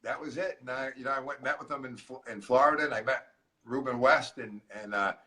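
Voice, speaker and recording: Middle-aged man, guest coach, animated storyteller; fast, bright delivery, slightly distant from the mic. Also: mid-range voice. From Massachusetts. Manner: animated storyteller acting out dialogue. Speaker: guest speaker, transformational coach. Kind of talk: storytelling interview chat.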